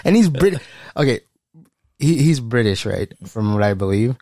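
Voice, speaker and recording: A man co-hosting a podcast in casual chat, animated, with his voice jumping high whenever he quotes someone. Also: moderate pace, no echo, clean studio sound. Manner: animated, jumps high when quoting people. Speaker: podcast co-host.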